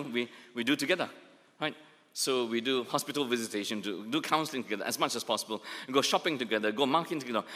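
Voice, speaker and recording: Lively Singaporean pastor preaching in a hall. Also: male voice, high-pitched. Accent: Singaporean English. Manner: rhetorical questions, repeats key phrases slowly. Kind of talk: sermon. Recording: long hall reverb.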